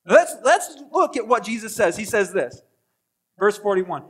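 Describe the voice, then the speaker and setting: A man preaching a sermon as pastor, animated, acting out voices and swinging between loud bursts and hushed asides. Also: high-pitched, unhurried, breathy edge. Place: church sanctuary.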